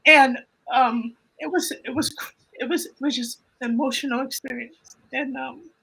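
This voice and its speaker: A woman telling an emotional personal faith story in a casual panel chat, animated and often repeating her phrases. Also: high-pitched, normal speed, gravelly, slightly rough, low-quality recording. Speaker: guest on a livestream panel.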